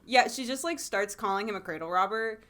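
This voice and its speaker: A woman's voice: mid-range voice, a little fast, crowd noise. A woman co-hosting a podcast, retelling a drama episode in casual chat, laughing often and acting out lines. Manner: laughs often, acts out quotes. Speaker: podcast co-host.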